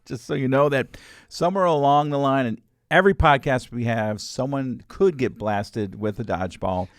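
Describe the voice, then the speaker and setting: A man's voice: medium pitch, normal speed, no echo, studio quality. Joking male podcast host. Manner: joking, laughs often. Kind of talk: casual podcast chat.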